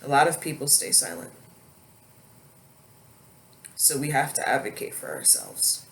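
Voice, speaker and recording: A woman vlogger speaking slowly and haltingly, holding back tears as she talks to her viewers. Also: very deep voice, very animated, creaky, a bit bright. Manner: slow, halting, emotional. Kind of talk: emotional personal vlog.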